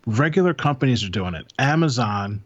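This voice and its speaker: A man's voice: medium pitch, expressive, a little fast, no echo. Male podcast co-host, casual and jokey, dry and a little dull-sounding. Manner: joking, rambling, sarcastic. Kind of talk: casual chat.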